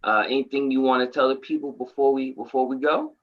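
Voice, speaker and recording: A man's voice: mid-range voice, flat delivery, quick pace. Boston man co-host, casual and hesitant, dull lo-fi sound. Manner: easygoing, hesitant, thinking aloud. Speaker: co-host of an online news show. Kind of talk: casual chat. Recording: dull lo-fi audio.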